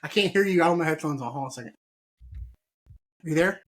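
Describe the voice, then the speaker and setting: A man's voice: a little high, animated, fast talker, slight background noise. A man hosting a casual gardening podcast, rambling and joking with his guests. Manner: rambling, jokey, laughs often. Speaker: podcast host.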